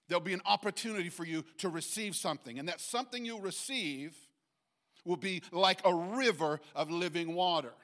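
A man teaches from scripture in a relaxed, conversational sermon. His voice sits a little high for a man. He reads verses slowly and keeps asking the listeners whether they are following along. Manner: bursts into loud acted shouts when quoting. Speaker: pastor.

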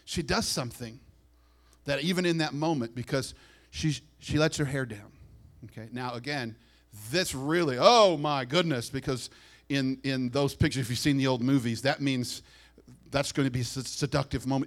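A man preaching as pastor, animated, acting out quick voices and dropping to soft asides. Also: mid-range voice. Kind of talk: sermon.

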